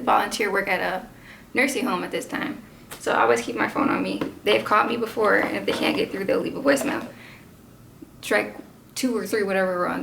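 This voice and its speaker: A young woman telling a story on a casual vlog, chatty and animated, full of fillers. Her voice has a gravelly fry at the ends of phrases, at a middle pitch. The home recording has a clear noise floor behind her. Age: 20s. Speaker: vlogger and mother.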